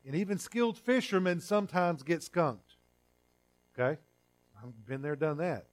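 Conversational preacher, swinging loud and soft. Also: male voice, a little high, expressive. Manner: conversational preaching with frequent restarts and repeated words; swings between loud emphatic lines and quiet drawn-out phrases. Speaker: pastor. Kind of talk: sermon.

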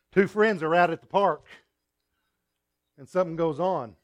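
A male pastor preaching a sermon in a conversational, storytelling way, with asides to the congregation and swings between loud emphasis and quiet remarks. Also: on the high side.

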